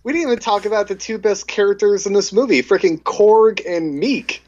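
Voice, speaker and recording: A man co-hosting a casual movie podcast, talking in a relaxed way and laughing as he retells his favorite scenes. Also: high-pitched, brisk, dull audio, slight background noise. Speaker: podcast co-host. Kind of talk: casual chat.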